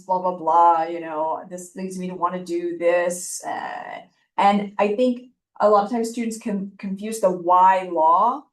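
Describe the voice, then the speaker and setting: A woman giving informal admissions advice in a chatty way, with frequent fillers. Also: mid-range voice. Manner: chatty, with frequent ums and likes. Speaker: law school admissions speaker. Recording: echoey room, voice from a distance.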